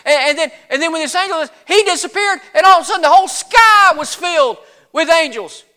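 Guy doing a rough southern shepherd bursting with news, stuttering, shouty, voice getting cracky. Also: very high voice, animated, normal speed, full character voice. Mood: excited, insistent. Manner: stammering, insistent, shouting at times. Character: excited rough male shepherd, breathless with news.

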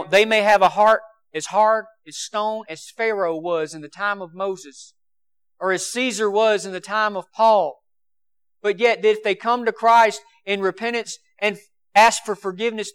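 Man, preacher, sermon, high voice, passionate, loud then hushed. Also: clean tone. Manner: impassioned, swinging between loud emphasis and quiet asides.

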